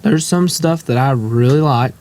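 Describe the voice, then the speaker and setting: A young man co-hosting a podcast in casual chat, animated and mocking others with quick jumps up in pitch. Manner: animated, mocks voices with big jumps in pitch. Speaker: podcast co-host.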